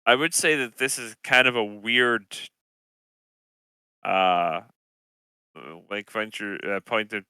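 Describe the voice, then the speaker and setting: Man, tabletop player, slow hesitant speech, crisp voice. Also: lowish voice, pushed and bright, dry recording. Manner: hesitant, searching for words. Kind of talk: playing a tabletop game.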